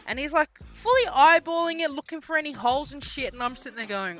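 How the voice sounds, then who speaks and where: Young woman, bright tense voice, casual self-mocking storyteller, faint music under her. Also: sits high, normal speed, few pauses. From Australia. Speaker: vlogger.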